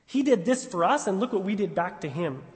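High-voiced man preaching in a reverberant hall. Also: animated. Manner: emphatic expository preaching with slow stressed repetitions. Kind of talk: sermon.

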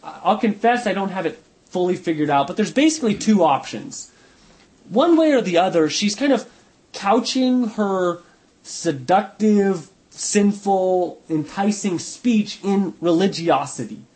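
Male Bible study teacher with a high voice, casual and thinking aloud, hedging as he goes. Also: lively intonation, unhurried, a little mellow.

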